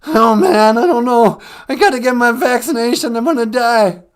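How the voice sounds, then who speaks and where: A man voicing a panicky, cowardly male lion who calls in to a comedy podcast, whining loudly and fretting. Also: very high voice, moderate pace, voice pushed up. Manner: frantic, whiny, loud. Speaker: phone-in caller in a comedy bit.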